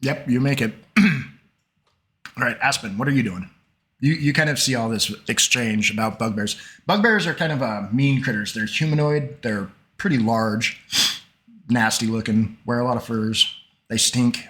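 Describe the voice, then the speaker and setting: A man with a cough narrating a tabletop game as game master, halting, with many fillers. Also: mid-range voice, a bit bright. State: coughing, sore throat. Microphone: desk mic, online session.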